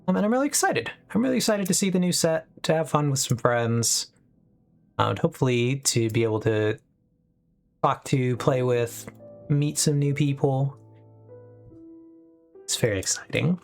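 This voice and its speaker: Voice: medium pitch, creaky. Young adult streamer, casual rambling chat to viewers, upbeat asides, faint music under the voice. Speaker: live streamer.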